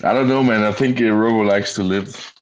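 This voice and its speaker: A man with a low voice speaks in a laid-back, joking way. His line sounds dull and lo-fi, with faint noise under it. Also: fairly even intonation, brisk. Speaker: guest speaker.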